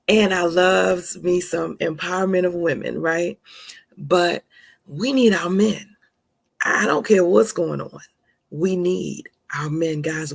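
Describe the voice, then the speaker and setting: A woman hosting a casual live stream, talking in a lively, playful and encouraging way with drawn-out emphasis, recorded on a phone. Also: fairly low pitch, gravelly, slightly rough, no room sound.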